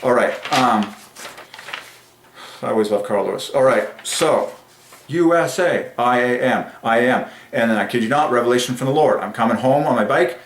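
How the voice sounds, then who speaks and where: A man hosting a religious numerology channel, speaking in an excited monologue that swings between rapturous bursts and quiet musing. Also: medium pitch, normal speed, roomy sound, a little hiss or hum.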